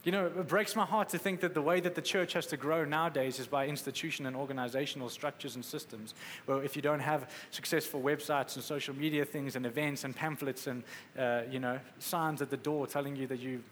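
A man's voice: medium pitch, steady tone, fairly quick, hardly any pauses, a bit bright, slight background noise. A man preaching a sermon in a conversational, emphatic way, acting out quotes as he goes. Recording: echoey hall with faint ambience.

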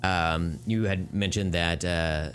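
Male co-host, low deadpan delivery, faint room noise. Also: takes it slowly. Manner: laid-back, deadpan joking. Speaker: podcast co-host. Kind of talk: casual podcast chat. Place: recording remotely at home.

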